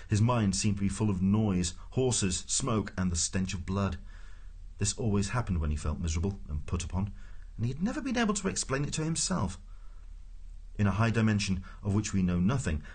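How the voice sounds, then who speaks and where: A man's voice: deep voice, a little mellow, slightly rough. A man giving a dry, wry scripted audiobook narration.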